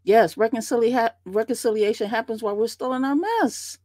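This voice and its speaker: A woman co-hosting a ministry podcast, speaking with affirming, preacherly emphasis in a relaxed faith conversation. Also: on the high side, brisk, no room sound, clean studio sound. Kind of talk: conversational Bible discussion.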